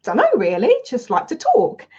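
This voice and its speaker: A woman's voice: fairly high pitch, wildly swooping pitch, moderate pace, darkish tone, husky, highs cut off, heavily acted. A woman voicing her own nagging inner voice as a blunt, offhand man, close to her natural speaking voice.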